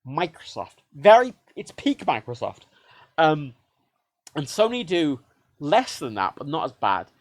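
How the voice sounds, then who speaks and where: A man on a livestream rants about game consoles in a lively, sing-song way, swearing freely. His voice sits a little high for a man, and the sound is close and dry, with no room in it. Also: measured pace, long pauses, dry recording. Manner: animated, heavily profane, mimics devices in quoted voices. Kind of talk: casual ranting monologue.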